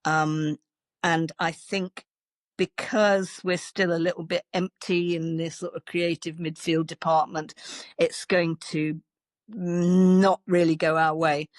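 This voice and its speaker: A woman's voice: on the low side, dry recording, studio quality. An older woman with an English accent, chatting on a podcast, hesitant and wry, often repeating words. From England. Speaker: podcast co-host, journalist. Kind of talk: casual chat.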